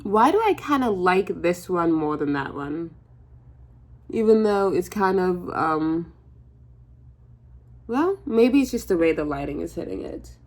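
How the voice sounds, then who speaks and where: A woman's voice: lowish voice, sing-song, unhurried, long pauses. A woman in her twenties chatting casually through a makeup tutorial, jokey and rambling, with fillers and the odd swear word. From United States. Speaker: beauty vlogger.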